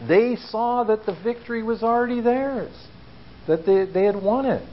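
A man's voice: very high voice, moderate pace, dull audio, a little hiss or hum. A man preaching an informal sermon in a church, talking conversationally and often asking his listeners questions.

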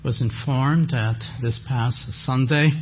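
An older man with a French Canadian accent, whose first language is French, preaching a sermon slowly and deliberately with gentle humor. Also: mid-range voice, slight background noise. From French-speaking Canada. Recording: dull lo-fi audio.

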